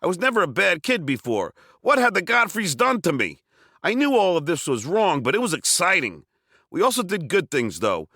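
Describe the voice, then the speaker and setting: A man from Long Island narrates his own memoir with a bright, sharp-edged voice. His delivery is wry and self-mocking, punching up the quoted lines with loud bursts. The sound is close and dry, with no room around it. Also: high voice, wildly swooping pitch, normal speed, no room sound. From Long Island, New York. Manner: wry, self-mocking comic storytelling with sudden shouted quotes. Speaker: memoir author reading his book.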